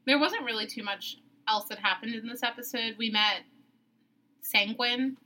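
Bright-voiced young woman, chatty. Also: on the high side, normal speed. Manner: chatty, laughs often, swears casually. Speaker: podcast co-host. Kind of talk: casual chat.

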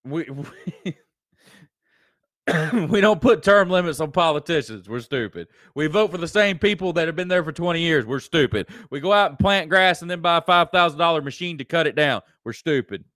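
A man's voice: on the high side, moderate pace, a bit bright, no echo, studio quality. A man with a Southern American accent hosting a live-stream show, ranting in a preachy, emphatic way and repeating lines for effect. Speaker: host.

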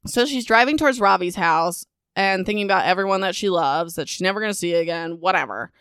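Sarcastic young woman podcaster, smooth dry voice. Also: mid-range voice, a little fast, a bit bright, dry recording. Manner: sarcastic, dismissive, heavy use of "like" and "whatever". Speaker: podcast host recapping a book. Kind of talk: casual book recap podcast.

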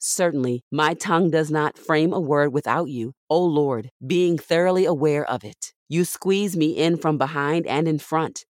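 Woman scripture reader, deep voice, dry close studio sound, measured and reverent. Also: no room sound. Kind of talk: scripture reading.

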